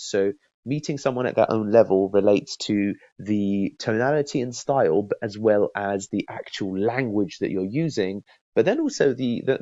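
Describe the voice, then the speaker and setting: A middle-aged man talks through a sales lesson in a loose, chatty way, stumbling over repeated words and restarts. His voice sits low. The recording is dry and a little dull, with no room sound. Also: warm tone, no echo. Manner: chatty, repeats words and restarts often, acts out call examples. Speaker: sales trainer. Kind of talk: casual spoken training talk.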